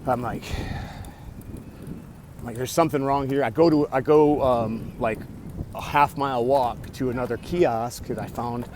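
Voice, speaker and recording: Rambling, profane man outdoors in the city. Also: medium pitch. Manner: rambling, profane, self-talk with restarts. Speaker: vlogger. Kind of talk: casual storytelling vlog. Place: outdoors in a city on a bike ride. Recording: outdoor city noise behind.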